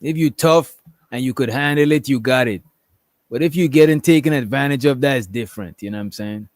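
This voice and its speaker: A man's voice: medium pitch, fairly quick, no echo, clean studio sound. A man on a podcast panel, talking in a laid-back, rambling and profane way with lots of fillers. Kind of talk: casual debate chat.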